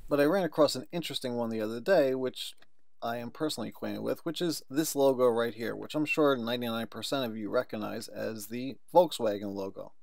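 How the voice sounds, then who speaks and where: A man's voice: mid-range voice, fairly quick, vocal fry, dry recording. Man casually explaining in a dry room. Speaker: video narrator.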